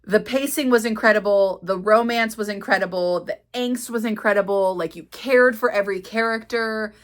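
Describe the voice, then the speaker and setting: A woman's voice: medium pitch, moderate pace. Chatty woman book vlogger. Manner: chatty, self-mocking, rambling. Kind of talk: casual vlog reading diary.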